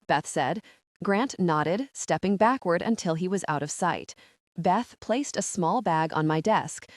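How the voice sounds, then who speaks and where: A woman narrating a first-person audiobook with an expressive, measured reading. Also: fairly low pitch, no room sound, studio quality.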